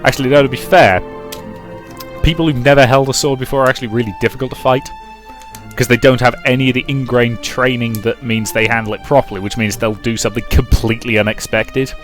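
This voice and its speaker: A man's voice: medium pitch, fairly even intonation, fast, faint music behind. A man from Durham, England, chatting while playing a game. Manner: chatty, rambling, self-deprecating asides. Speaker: let's play host. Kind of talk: game commentary and reading aloud.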